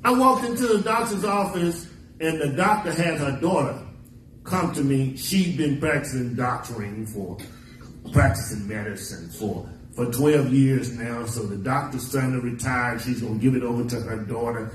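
In a church sanctuary, a male pastor preaches a sermon that blends folksy stories with dramatic quoted lines. His medium-pitched voice moves at a moderate pace, and the echoey recording, made from a distance, carries a little hiss or hum.

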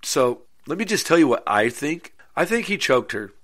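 A podcast host telling a true-crime story in a casual, animated way, swearing freely and making asides to listeners. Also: male voice, on the high side, normal speed.

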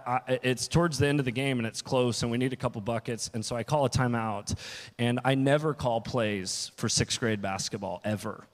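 A male pastor gives a relaxed, conversational sermon, telling stories and acting out what he said in quotes. His voice sits at an ordinary middle pitch. It rings with the long reverb of a large church hall. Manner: storytelling with restarts and quoted asides.

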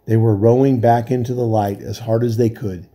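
A man reading a children's novel aloud in calm, steady narration. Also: mid-range voice, normal speed. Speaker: volunteer reader.

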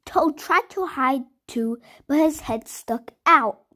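A woman reading a children's storybook aloud, slow, clear and expressive. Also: high-pitched.

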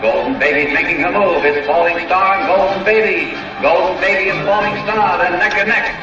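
An actor playing a racetrack announcer calling a horse race in rapid commentary. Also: male voice, high voice, highs cut off, natural voice. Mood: excited. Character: excited racetrack announcer, male. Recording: distant echoey PA over music.

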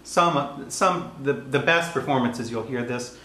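A man giving a calm, explanatory piano lesson, talking between played passages. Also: mid-range voice, unhurried. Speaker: piano teacher. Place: room with a piano. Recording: roomy sound with piano playing.

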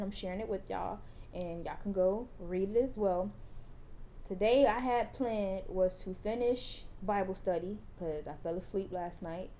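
Young woman, casual vlog chat, mellow warm voice, faint background noise. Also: medium pitch. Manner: chatty, addresses viewers as y'all, restarts phrases. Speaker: vlogger.

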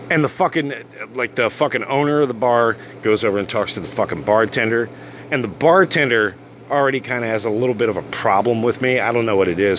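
A man's voice: mid-range voice, a little hiss or hum. A man telling a crude, swear-filled story as the host of a casual rant video. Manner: crude, swearing constantly, animated. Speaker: channel host.

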